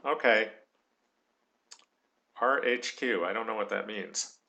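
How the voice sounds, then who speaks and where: A man's voice: lowish voice, slow pace, creaky, pushed and bright. A man giving a recorded tutorial, thinking aloud as he works and dictating punctuation marks. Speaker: tutorial instructor.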